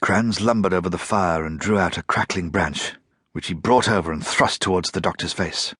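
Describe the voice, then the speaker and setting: A man narrating an audiobook in a steady, measured reading. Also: low voice, husky, no echo, studio quality. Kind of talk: scripted narration.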